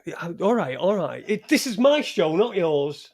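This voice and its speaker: A man's voice: high-pitched, very animated, unhurried, darkish tone, dry recording. A middle-aged man with a Yorkshire accent, hosting a casual livestream with rambling, crude, joking chat. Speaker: livestream host. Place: home studio in front of a green screen.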